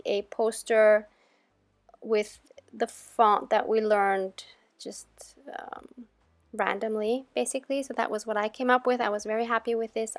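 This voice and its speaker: A woman hosting a crafting channel, talking viewers through her project in a chatty, relaxed voice-over. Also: a little high, no room sound. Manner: chatty and relaxed, with gentle laughs. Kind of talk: casual tutorial voice-over.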